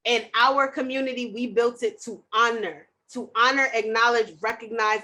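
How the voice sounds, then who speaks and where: A woman hosting a podcast, talking in a loud, passionate way. Her voice sits a little high and sounds bright and forceful. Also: steady tone, normal speed, few pauses. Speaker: podcast host. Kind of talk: casual chat.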